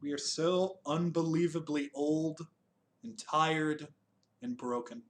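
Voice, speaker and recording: A man's voice: on the high side, slow pace. A man co-hosting a casual chat reviewing a TV special, laughing often, swearing and joking at his own expense. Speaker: podcast co-host.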